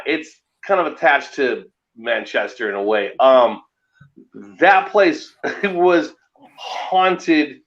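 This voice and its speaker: A man with a high voice tells a ghost story in a lively, casual way, often breaking into laughs. His voice rises and falls a lot. The recording sounds a bit dull and muffled. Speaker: guest.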